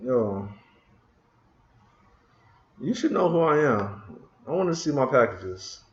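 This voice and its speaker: Man, coding screencast, slow frustrated muttering, mid pitch, roomy room, dull sound. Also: very animated. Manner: frustrated, muttering to himself while searching. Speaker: programming screencast host. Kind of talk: casual live coding talk. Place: room at a computer. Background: keyboard typing and clicking.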